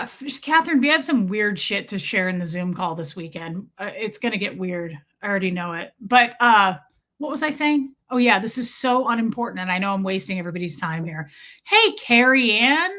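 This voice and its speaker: Bright-voiced chatty woman streamer. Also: mid-range voice, expressive, normal speed. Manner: chatty, profane, thanks viewers by name. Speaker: livestream host. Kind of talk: casual livestream chat. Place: rural home.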